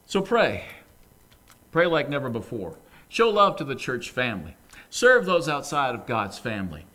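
A man's voice: medium pitch, fairly bright tone. A male preacher giving a sermon, telling a story earnestly and building up to fervent, emphatic exhortation.

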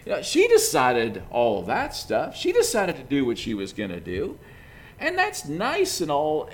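Folksy, animated male preacher. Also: fairly high pitch, unhurried. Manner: folksy, chatty, many "you know"s. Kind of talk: conversational sermon.

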